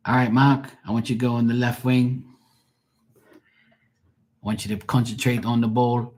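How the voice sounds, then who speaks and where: A man's voice: mid-range voice, flat delivery, darkish tone, voice pushed up, close to an everyday voice. A man doing a barking Scottish soccer coach. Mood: bossy. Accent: put-on Scottish. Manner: barking orders, brisk. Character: bossy Scottish youth soccer coach, middle-aged man.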